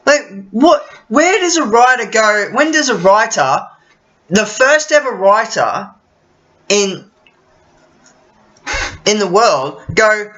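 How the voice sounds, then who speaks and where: A man rambling in a loose monologue, slow and unhurried, with a pitch that leaps around animatedly. His tone is bright and a little tense, and the lo-fi recording sounds dull. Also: sing-song. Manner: rambling, loses his thread, swears casually. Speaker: vlogger.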